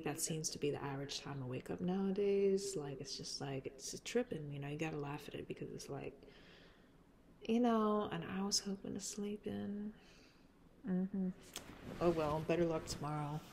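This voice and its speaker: A woman's voice: low-pitched, a little mellow. A stuffed-up woman with a smoky voice, coughing now and then, chatting in a rambling, laid-back way before a song. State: stuffed up from allergies. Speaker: singer introducing a cover. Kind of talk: casual chat.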